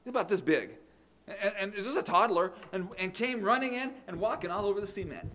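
A man's voice: high voice, animated, brisk, a bit bright. A middle-aged man preaching a sermon, telling family stories and often repeating words as he restarts a thought. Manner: storytelling with acted quotes, repeated words. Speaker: pastor.

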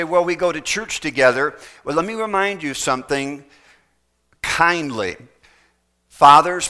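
Bright-voiced emphatic male preacher. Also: on the high side. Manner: emphatic preaching with repeated rhetorical questions. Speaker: pastor. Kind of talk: sermon.

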